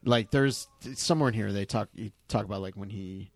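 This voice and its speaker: A man's voice: lowish voice, fairly quick, no room sound. A man co-hosting a movie podcast, chatting easily and laughing as he reads out trivia. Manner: easygoing, laughs while reading trivia. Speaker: podcast co-host. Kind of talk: casual movie chat. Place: at a table in a studio.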